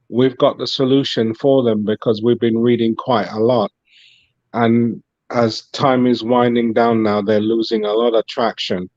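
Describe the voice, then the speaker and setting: A man speaking as a guest on a religious panel, steady and assured in his remarks. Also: medium pitch, no room sound, lo-fi sound. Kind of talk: religious commentary.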